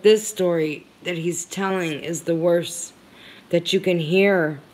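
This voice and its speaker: A woman commentating on a livestream, her voice low and steady in pitch with little rise and fall. She speaks slowly and earnestly, leaning hard on her points. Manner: earnest, heartfelt, emphatic.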